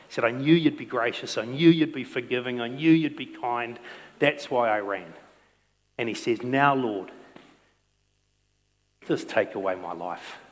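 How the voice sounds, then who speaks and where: A male pastor preaching a sermon. He swings between loud, emphatic stretches and quiet, intense ones. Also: mid-range voice, big-room sound. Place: church sanctuary.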